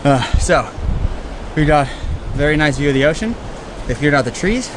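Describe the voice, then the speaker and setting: A man's voice: a little high, animated, fairly quick, long pauses, background noise. A young American man vlogging in a chatty, rambling, self-mocking way while out of breath outdoors. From United States. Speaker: travel vlogger. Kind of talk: casual travel vlog. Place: outdoors on a hot hillside in a coastal town.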